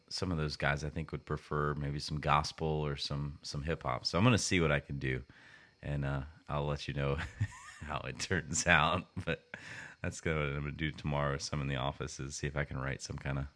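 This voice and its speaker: Man, very low voice, bright edge, casual podcast co-host, rambling. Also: flat delivery, moderate pace. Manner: rambling, frequent restarts and fillers.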